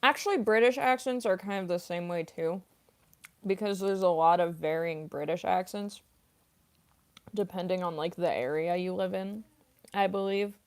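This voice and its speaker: A woman's voice: fairly low pitch, moderate pace, clean tone. A young woman voice actress chatting casually on a livestream, reading chat aloud with lots of ums and likes while snacking on chips. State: eating chips while talking.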